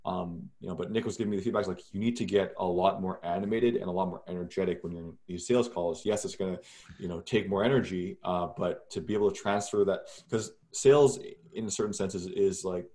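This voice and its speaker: A relaxed man with a somewhat low voice answers as a guest in a casual interview. He talks in loose, unhurried runs, full of fillers and restarts.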